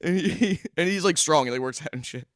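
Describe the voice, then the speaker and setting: A man's voice: on the high side, a little fast, no echo, clean studio sound. A young man co-hosting a podcast, telling stories in a casual chat, laughing often and swearing freely. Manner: laughs through his stories, profane and animated. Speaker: podcast co-host. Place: podcast studio. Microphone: studio microphone.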